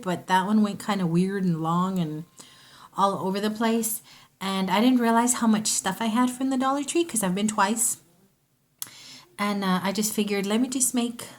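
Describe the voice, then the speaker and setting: A woman talks casually to her viewers as she shows a shopping haul. She rambles, goes off on side stories and corrects herself mid-sentence, with a relaxed, homey way of talking. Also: mid-range voice. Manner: chatty, rambling, self-interrupting. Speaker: vlogger. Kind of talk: casual haul video chat.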